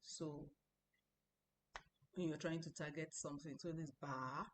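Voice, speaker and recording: A woman teaching a language lesson, explaining patiently, repeating example sounds slowly and often restarting her sentences. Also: sits low, fairly even intonation, slight background noise. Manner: frequent restarts and stammering. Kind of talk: recorded online lesson.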